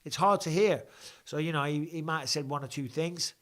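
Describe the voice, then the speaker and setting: Talking through a blocked nose, a man hosts a live reaction and fan Q&A session with a chatty, improvised feel, often restarting and going off on asides. He speaks fairly quickly in a fairly bright voice that sits on the high side.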